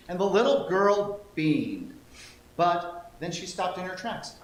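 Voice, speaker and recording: A man's voice: sits high, big pitch swings, slow pace. A man telling an interactive story to a congregation, playful and coaxing listeners to join in. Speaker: lay speaker telling a children's story. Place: church sanctuary. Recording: echoey church hall, faint hum.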